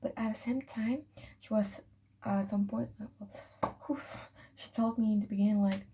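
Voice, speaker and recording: A woman's voice: medium pitch, fairly even intonation, normal speed, background noise. Chatty teen girl with a slight French accent. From France. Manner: chatty, rambling, often dropping to a whisper. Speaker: vlogger. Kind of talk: casual chat while doing skincare. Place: home bathroom.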